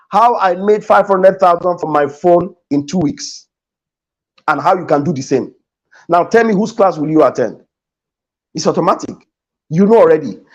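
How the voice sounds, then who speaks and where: Speaking in a podcast studio as a guest business coach, a man with a Nigerian English accent gives a motivational talk with emphatic, preacher-like force, circling back to his key phrases. His voice sits high and sounds a little mellow.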